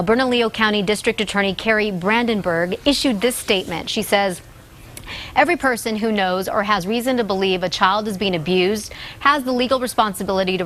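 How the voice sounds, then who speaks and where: A woman news anchor reading local morning headlines in a steady, clear newsreader delivery. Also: mid-range voice.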